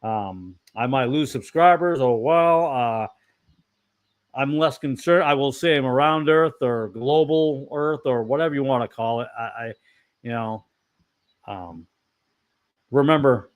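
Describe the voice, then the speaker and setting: A man's voice: mid-range voice, measured pace. A man hosting an online fellowship talk, preaching in a casual, rambling way, giving blunt opinions and often correcting himself. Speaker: online fellowship discussion host.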